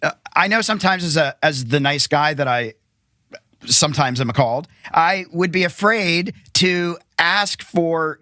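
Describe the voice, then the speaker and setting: Bright-voiced male podcast host. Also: a little high, no room sound, studio quality. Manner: friendly, talks in quick bursts with acted-out quotes. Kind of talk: casual interview chat.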